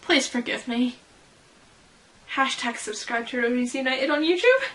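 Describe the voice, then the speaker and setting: A woman's voice: high-pitched, animated, measured pace, a bit bright, rough recording. A young woman vlogging casually as a fan, rambling and giggling at herself. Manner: giggly, rambling, self-deprecating. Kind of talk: casual chat.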